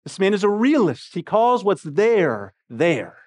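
A man's voice: sits high, big pitch swings, a little slow, darkish tone. Man preaching a conversational sermon. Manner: conversational, emphatic, with rhetorical questions. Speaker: pastor.

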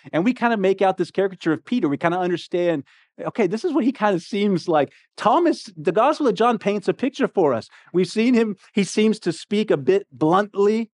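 A man's voice: high-pitched, darkish tone. A man preaching a sermon in a conversational, emphatic way, often asking his listeners rhetorical questions. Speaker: pastor.

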